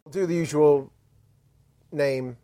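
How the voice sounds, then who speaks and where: A man with an English accent hosting a casual podcast, chatty and quick to laugh at himself. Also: fairly high pitch, fairly even intonation, mellow, dry recording. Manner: chatty, self-mocking, laughs easily. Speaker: podcast host.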